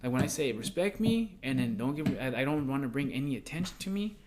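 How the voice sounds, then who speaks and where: A young man co-hosting a podcast, telling work stories in a rambling, profane, animated way. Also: medium pitch, fast talker, background noise. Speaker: podcast co-host. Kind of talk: casual podcast chat.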